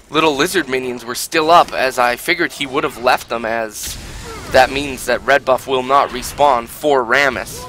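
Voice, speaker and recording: A man giving solo live commentary on an online game, rising loud and high in fights, with many fillers. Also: a little hiss or hum. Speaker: esports caster.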